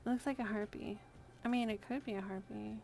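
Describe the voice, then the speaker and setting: A woman's voice: fairly high pitch, steady tone, fairly quick, vocal fry, a little mellow, slight background noise. A woman streamer chatting casually while she draws, playful and self-amused. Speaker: art streamer. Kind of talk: casual chat while drawing.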